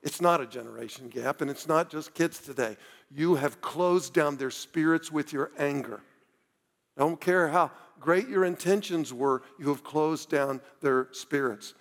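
A man's voice: fairly high pitch, measured pace, creaky, long reverb tail. A man preaching a sermon as a pastor, talking earnestly and directly to his listeners, pleading with them.

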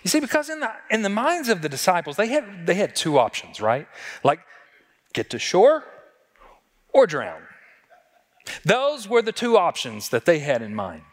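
A man's voice: sits high, wildly swooping pitch, normal speed, long pauses, long reverb tail. A man preaching a sermon as a pastor, talking conversationally and asking the congregation rhetorical questions.

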